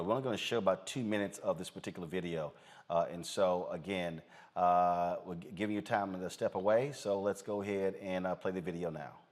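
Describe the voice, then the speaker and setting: A man hosts a live news program in a somewhat low voice. He talks straight to his viewers, calling them folks, and pauses on fillers as he goes. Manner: direct, addresses viewers as folks, frequent fillers. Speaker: news show host.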